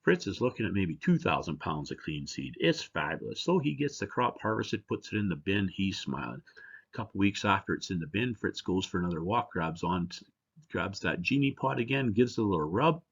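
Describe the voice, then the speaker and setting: Husky man giving a conference talk. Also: low voice, expressive, fairly quick, lo-fi sound. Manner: conversational, joking. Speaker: seed company representative presenting at a seminar. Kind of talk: conference presentation.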